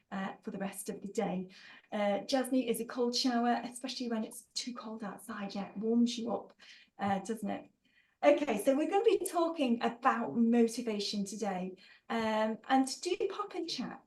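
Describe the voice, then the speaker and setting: A woman's voice: fairly high pitch, a little mellow, poor audio. Bubbly woman hosting a webinar. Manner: bubbly and playful, laughs often, teasing asides. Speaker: trainer hosting an online workshop. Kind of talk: chatty live webinar, reading out chat replies.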